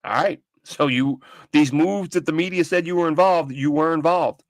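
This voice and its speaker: A man's voice: fairly high pitch, normal speed, dry recording. A man hosting a casual sports talk show from home, opinionated and rambling, with frequent restarts. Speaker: podcast host. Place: home studio with his dog nearby.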